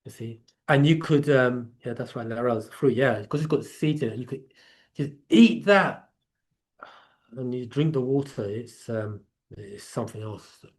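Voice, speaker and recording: A man's voice: medium pitch, animated, normal speed. A man with an English accent hosting a live Q&A, explaining in a casual, rambling way with many restarts. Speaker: host of a live Q&A.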